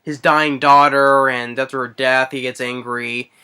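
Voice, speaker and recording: A man's voice: mid-range voice, little pitch movement, unhurried, sharp tone, clean tone. A man retelling a movie's plot in a casual, rambling way, full of hesitations and fillers. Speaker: movie reviewer. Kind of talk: casual spoken movie recap.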